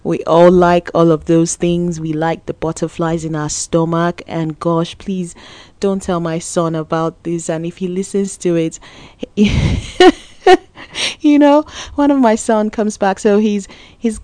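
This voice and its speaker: A woman with a lowish voice delivers a motivational talk in a relaxed, conversational way. She repeats key phrases for emphasis. She gets lively and laughs easily when telling stories. The sound is dry and close, with no room echo. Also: slow, smooth. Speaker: motivational speaker.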